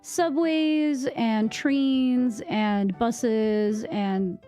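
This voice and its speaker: A young woman from Massachusetts with a Boston accent, chatting casually with her stream viewers, rambling with lots of fillers, on a boom-arm mic at home. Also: fairly even intonation, extremely slow, mellow, faint music behind. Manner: rambling, many fillers and restarts. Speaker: live streamer. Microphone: microphone on a boom arm.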